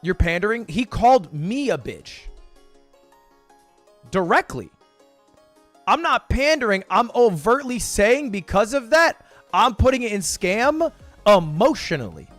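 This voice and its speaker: A young American man streaming, chatting casually and jokily, breaking into loud outbursts now and then. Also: high-pitched, unhurried, soft background music. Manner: animated, jokey, swings into loud outbursts. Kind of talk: casual livestream chat.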